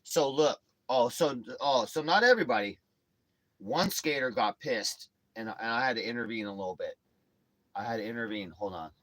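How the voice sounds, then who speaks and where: Profane, rambling bright-voiced man. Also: medium pitch, moderate pace, dry recording. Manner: rambling, profane, slangy storytelling. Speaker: streamer. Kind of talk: casual chat to viewers.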